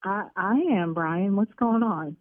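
A woman, a salon owner on a phone call, scolding and exasperated, rising to shouting. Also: medium pitch, takes it slowly, dry recording. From Chicago South Side. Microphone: telephone. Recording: tinny phone line.

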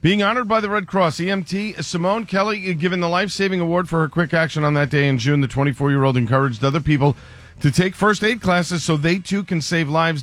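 A man reading local radio news in a crisp, brisk, formal delivery. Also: a little high. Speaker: news anchor.

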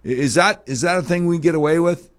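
A man's voice: fairly high pitch, fast. A man hosting a talk show, delivering a heated, sarcastic opinion monologue full of mocking rhetorical questions.

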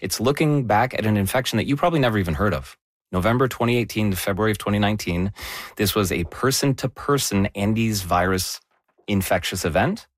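A man's voice: lowish voice, fairly quick, no room sound, clean studio sound. A man explaining health news in an emphatic, conversational way.

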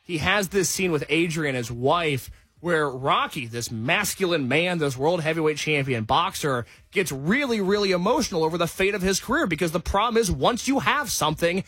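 A man's voice: fairly high pitch, lively intonation, a bit bright, slightly rough, no room sound. A man giving an enthusiastic, jokey movie review on a radio show. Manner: enthusiastic, quick-talking, jokey.

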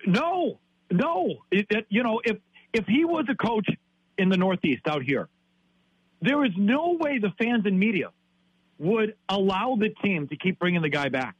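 A man's voice: high-pitched, husky, no echo, muffled recording. Exasperated ranting man in his fifties. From Wisconsin, US. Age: 50s. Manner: ranting, exasperated, repeats himself. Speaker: sports talk guest. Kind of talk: heated sports talk.

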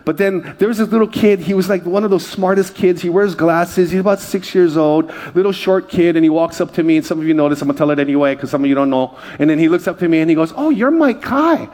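Joking pastor with a slightly high voice. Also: male voice, steady tone, quick pace, few pauses, a little mellow. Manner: conversational, joking with the congregation. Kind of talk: sermon.

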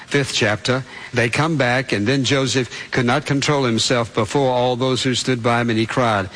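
A man's voice: medium pitch, fairly even intonation, normal speed, a bit bright, low-quality recording. A man preaching a sermon, retelling scripture in his own words and speaking to the congregation directly. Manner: asks listeners to picture it as parents and children.

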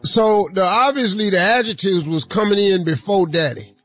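A man's voice: high voice, normal speed, fairly bright tone, soft background music. Playful drawling male radio host. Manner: playful, drawling, sing-song asides. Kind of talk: comic advice reading.

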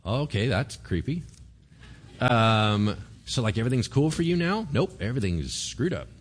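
A man, a pastor, giving a conversational sermon in an animated way and often checking in with the congregation. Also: medium pitch, normal speed. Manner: animated, keeps asking the congregation "right?".

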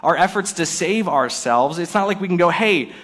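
Animated pastor preaching a sermon. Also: male voice, high voice, a little fast, in a large hall. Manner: animated storytelling, acting out scenes in quotes. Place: church service before a congregation.

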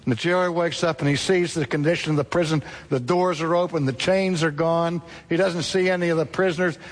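A man preaching a sermon, telling a story dramatically with sudden rises and drops in pitch. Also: creaky, big-room sound.

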